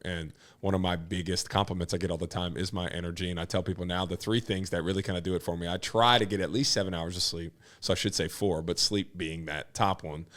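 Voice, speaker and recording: A man, a TV personality talking high-energy and slangy as an interview guest. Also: fairly bright tone. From New Orleans. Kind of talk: casual interview chat.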